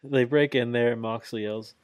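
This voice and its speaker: Man, mid-pitched, casual podcast co-host, swears and laughs a lot, dry close recording. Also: normal speed, clean tone, no room sound. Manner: animated, laughing, swears freely. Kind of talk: casual chat.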